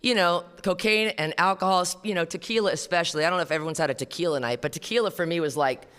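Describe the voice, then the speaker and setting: A woman's voice: on the low side, fast talker, a bit bright. A woman giving a personal testimony at a recovery meeting, talking bluntly and profanely in a casual storytelling way. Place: meeting hall before an audience. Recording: reverberant live hall.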